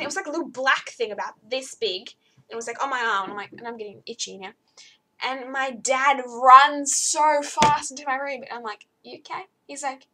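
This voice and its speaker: A teenage girl chatting to camera from her bedroom, rambling and jumping high when excited. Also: normal speed. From Australia. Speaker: vlogger. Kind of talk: casual chat to camera.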